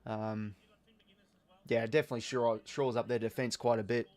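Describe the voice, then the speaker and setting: A man's voice: medium pitch, level tone, normal speed, darkish tone. Chatty Australian man commentating footy live. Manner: chatty, reads out viewer comments, filler-heavy. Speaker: live watch-along host. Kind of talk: casual live game commentary.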